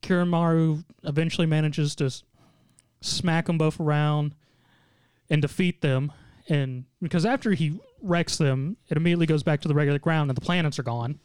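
Animated man recapping a show. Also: a little high, moderate pace, clean tone, dry recording, clean studio sound. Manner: animated storytelling, mock quotes in put-on voices, frequent laughter. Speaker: podcast host recapping an anime episode. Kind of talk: casual recap chat.

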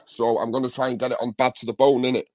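A man's voice: medium pitch, level tone, fast talker, a little hiss or hum. A man with a Liverpool accent co-hosting a live stream, rambling, talking a lot and swearing. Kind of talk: casual live stream chat.

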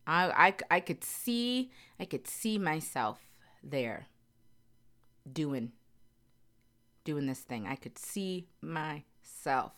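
Low-voiced woman talking candidly to viewers. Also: expressive, takes it slowly, pauses often, fairly bright tone. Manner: earnest, emphatic, repeats phrases for emphasis. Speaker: vlogger. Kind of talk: candid personal talk to viewers.

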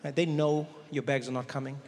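A man doing stand-up comedy on a theater stage, telling a story with animated delivery and acting out characters. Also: mid-range voice, a little fast, background noise. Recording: live hall reverb, faint ambience.

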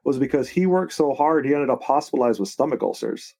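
A man with a mid-pitched, ordinary voice shares trivia with his podcast panel. He stops for small fillers now and then but tells the story with enthusiasm. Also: animated, fast talker, gravelly, warm tone. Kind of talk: casual podcast chat.

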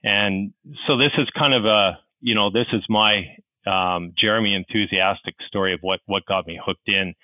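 A man's voice: on the low side, steady tone, normal speed, no room sound, muffled recording. A man from Calgary with a Canadian accent, a podcast guest telling stories in a chatty, self-deprecating way. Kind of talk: casual podcast storytelling.

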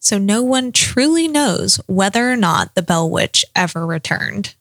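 A woman's voice: medium pitch, animated, measured pace, a bit bright. Woman on a podcast reading her notes, plain, kinda dry, no room echo. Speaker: podcast co-host. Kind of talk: casual chat, reading research notes.

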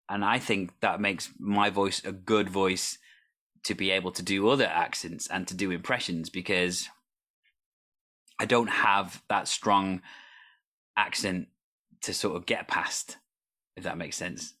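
A man's voice: low-pitched, measured pace, long pauses, sharp tone. A man hosting a casual conversation, talking in a chatty, rambling way with frequent fillers. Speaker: host. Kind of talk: casual chat.

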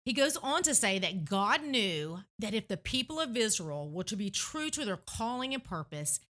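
A woman's voice: mid-range voice, big pitch swings, moderate pace. A woman from Tennessee hosting a faith podcast, telling stories in an earnest, reminiscing way. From Tennessee, USA. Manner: warm, earnest, reminiscing storyteller. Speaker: podcast host.

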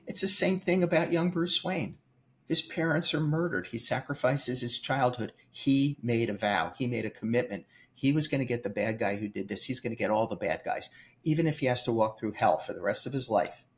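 An older man, a film producer, telling emphatic, animated stories in an interview. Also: mid-range voice, a little fast. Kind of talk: storytelling interview.

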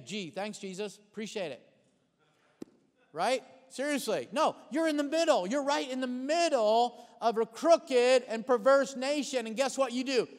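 A man preaching a sermon in a high, bright voice that rings through a hall with a long reverb tail. He keeps calling for amens and repeats key words, sometimes rushing ahead and sometimes drawing lines out slowly. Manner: preaching with call-and-response, repeating phrases; shifts between fast bursts and slow emphatic lines. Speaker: pastor.

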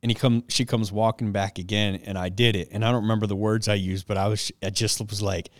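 A man casually telling an animated, self-mocking story and laughing along the way. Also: fairly low pitch, fast, no room sound, clean studio sound.

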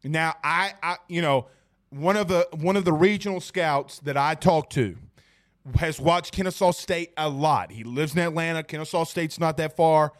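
Man, high-pitched voice, sports podcast host, casual and jokey, talks straight to listeners. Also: normal speed.

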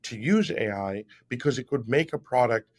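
A man's voice: mid-range voice, lively intonation, normal speed. Man, 50s, interview guest, emphatic explainer, keeps asking "right?", mid-range voice. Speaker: guest, app founder. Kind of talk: podcast interview.

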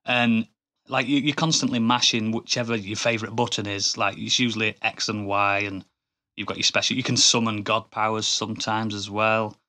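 A man's voice: fairly low pitch, level tone, moderate pace, bright, forceful tone. A man co-hosting a podcast in casual chat, enthusiastic and rambling, often restarting his sentences. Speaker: podcast co-host.

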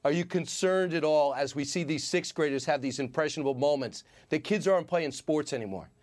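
A man's voice: fairly high pitch, a little fast, a little mellow. A man hosting an interview, asking pointed, joking questions. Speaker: interview host. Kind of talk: casual interview.

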